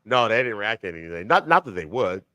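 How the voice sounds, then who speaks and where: A man co-hosting a podcast in casual chat, rambling and animated, with many restarts and slang. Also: on the low side, fast, no echo. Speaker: podcast co-host.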